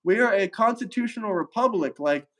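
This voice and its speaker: High-voiced young man, rambling livestream talk. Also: expressive, fairly quick, a bit bright. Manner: rambling, filler-heavy, searches for words. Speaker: travel streamer host. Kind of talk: casual political debate on a livestream.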